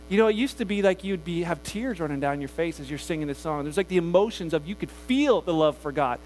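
A man's voice: fairly high pitch, a little fast, few pauses, faint music behind. A man preaching a casual, conversational sermon as pastor, often acting out quoted voices.

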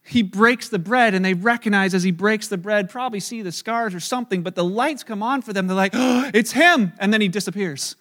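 A man preaching a sermon, retelling a story with lively acted-out quotes and casual asides. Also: high voice, brisk, few pauses. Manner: animated storytelling, acting out quoted voices. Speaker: pastor.

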